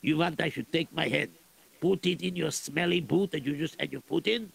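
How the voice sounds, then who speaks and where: A man doing a greedy, gravelly general. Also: a little high, normal speed, full character voice. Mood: disgusted. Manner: broken grammar, chuckling, scheming. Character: greedy blustering male Russian general.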